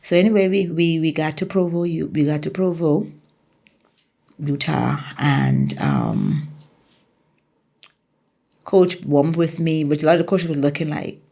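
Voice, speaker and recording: A woman's voice: sits low, sing-song, a little slow, vocal fry, long pauses, warm tone. A middle-aged woman from the Bahamas with a Bahamian accent, a former track athlete telling her story in an interview, acting out quotes animatedly.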